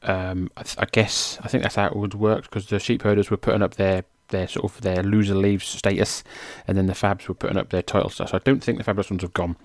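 A man hosts his podcast with a casual, chatty delivery and laughs at his own slips. His voice sits on the low side. The sound is dry, with no room around it. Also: level tone, quick pace, few pauses, no echo. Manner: chatty, self-mocking, trips over names. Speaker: podcast host.

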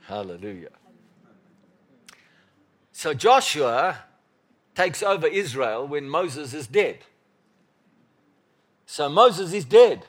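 Pastor guy preaching, slightly high voice, repeats himself, goes from loud bursts to soft murmurs. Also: expressive, takes it slowly, long pauses. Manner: emphatic, repeats phrases, swings from loud bursts to quiet murmurs. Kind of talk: sermon.

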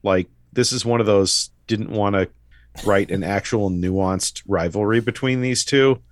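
A man's voice: lowish voice, a little slow, dry recording, studio quality. A man in casual movie talk, wry and sarcastic, swearing now and then. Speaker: podcast co-host.

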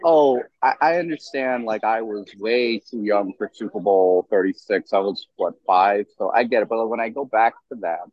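A young man in his twenties co-hosting a sports podcast, ranting in an animated way with lots of restarts. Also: lowish voice, moderate pace, few pauses, no echo, lo-fi sound. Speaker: podcast co-host. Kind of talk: casual sports talk.

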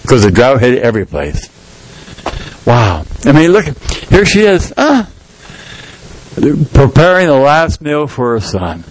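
A man's voice: mid-range voice, huge pitch swings, unhurried, pauses often, slight background noise, rough recording. A middle-aged man preaching a sermon as pastor in a folksy, storytelling way, acting out the people in the story. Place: church sanctuary.

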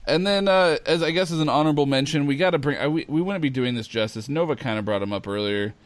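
A man's voice: fairly high pitch, quick pace, no room sound. A man hosting a casual chat, talking with enthusiasm and laughing easily. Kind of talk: casual chat about comics.

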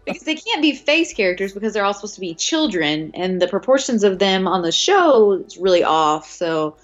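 A woman's voice: medium pitch, sing-song, normal speed, dull audio. A young woman hosting a podcast, chatting casually and reacting eagerly. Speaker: podcast host. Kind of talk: casual chat.

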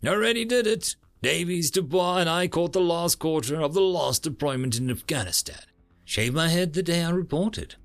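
A man voicing a young female Marine who talks in a wry, teasing way, pitched higher than his own voice. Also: animated, moderate pace. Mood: matter-of-fact.

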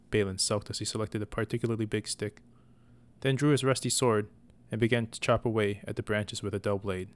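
Low-voiced man reading a story. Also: little pitch movement, brisk, clean tone. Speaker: audiobook reader. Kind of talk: storybook narration.

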